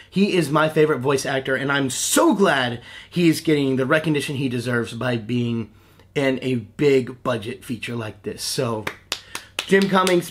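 A young man in his twenties with a high voice chats to camera as a voice actor hosting his own channel. He gushes excitedly, laughing and tripping over his words as he talks. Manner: gushing, excitable, breaks into laughs and restarts. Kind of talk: casual reaction vlog to camera.

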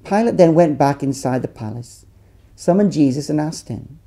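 A man, a pastor, reading scripture aloud in a measured, dramatic way. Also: on the high side, expressive, mellow.

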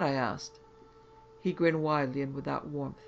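A man reading a classic horror story aloud in measured, scripted first-person narration. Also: medium pitch, fairly even intonation, creaky, muffled recording, faint music behind.

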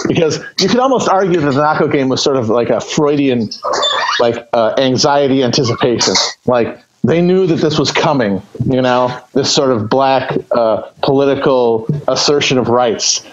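A man's voice: medium pitch, lively intonation, normal speed. A man with a mid-range voice riffs in a mock-earnest, analytical way on a comedy podcast. The recording is dull and lo-fi. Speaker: podcast co-host. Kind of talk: casual comedic chat.

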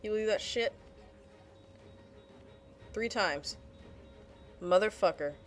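A woman's voice: medium pitch, slow pace, soft background music. A woman giving casual gameplay commentary, blunt and frustrated, swearing freely at the game.

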